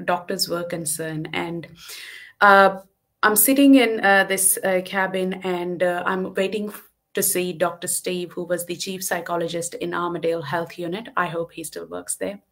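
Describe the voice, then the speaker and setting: A woman's voice: fairly low pitch, moderate pace. Earnest woman telling her story on a call. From lives in Western Australia. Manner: earnest and candid, many fillers. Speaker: guest. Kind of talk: personal story in a live online talk.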